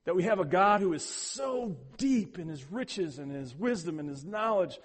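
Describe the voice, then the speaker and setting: Expressive and at normal speed, a man gives a sermon as a pastor, his voice trailing into a long reverb. He builds to loud, emphatic highs, falls back low, and repeats words for weight.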